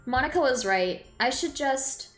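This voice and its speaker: A fragile, anxious teenage girl from a game speaks in a soft, earnest way, read out by a woman. The voice sits a little high. It echoes in the room, with faint music underneath. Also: lively intonation, measured pace. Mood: sad. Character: gentle anxious teenage girl, sad and clingy.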